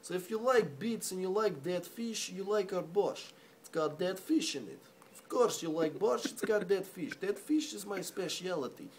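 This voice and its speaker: A man putting on a boastful Russian fish shopkeeper with a Russian accent, pitching his goods. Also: lively intonation, moderate pace, few pauses, slight background noise.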